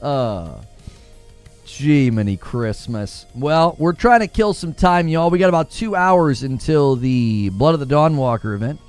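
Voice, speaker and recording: Chatty gaming-stream host, lively pitch. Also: male voice, a little slow, soft background music. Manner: chatty, joking, laughs often, reacts to chat. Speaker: livestream host. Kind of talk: casual livestream chat.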